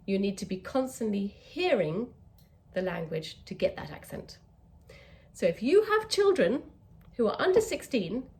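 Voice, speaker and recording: English woman, medium pitch, coaching on accents, slows and stresses key words. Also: darkish tone. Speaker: communication skills coach. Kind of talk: teaching to camera.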